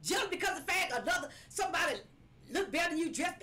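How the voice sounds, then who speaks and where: A woman's voice: very high-pitched, very animated, quick pace, sharp tone. A woman preaching a live-streamed sermon, emphatic and repetitive, sometimes breaking into laughing cries.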